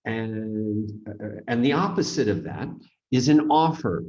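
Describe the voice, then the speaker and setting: A man teaching a grammar seminar, explaining with halting, rambling sentences full of restarts and fillers. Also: fairly low pitch, expressive, a little mellow, dull audio. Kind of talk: recorded grammar seminar lecture.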